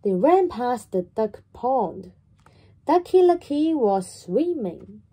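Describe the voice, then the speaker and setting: A woman reading a children's story aloud in a slow, animated, sing-song way. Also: on the high side, slightly rough.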